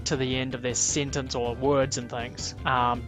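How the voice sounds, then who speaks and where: A man's voice: mid-range voice, level tone, a little slow, fairly bright tone, faint music behind. A man with a New Zealand accent co-hosting a casual livestream, teasing and laughing often, with plenty of ums. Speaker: livestream co-host.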